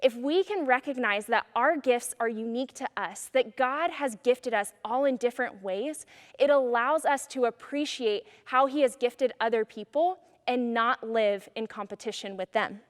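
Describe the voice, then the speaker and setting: A high-voiced woman delivers an encouraging youth message as a pastor, casual and earnest. Her voice trails into a long reverb. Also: normal speed.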